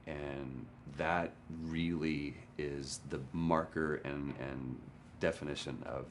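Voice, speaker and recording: A man, an actor, candidly recounting a hard day on set in a documentary interview, sometimes dropping to a hush. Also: extremely low pitch, takes it slowly, slight background noise. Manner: candid, animated storytelling, drops to a hush for quotes. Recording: interview with score under it.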